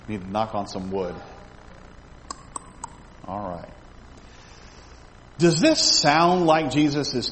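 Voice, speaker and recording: A man teaching a Bible study class. He reads scripture aloud, asks his listeners questions and often repeats words while he thinks. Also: mid-range voice. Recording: echoey hall with faint background noise.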